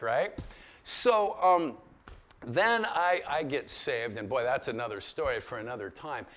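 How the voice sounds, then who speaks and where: Lively, storytelling middle-aged man teacher. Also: mid-range voice, moderate pace. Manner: conversational and storytelling, with asides and chuckles. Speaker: pastor teaching a Bible lecture. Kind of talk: informal teaching talk to a group.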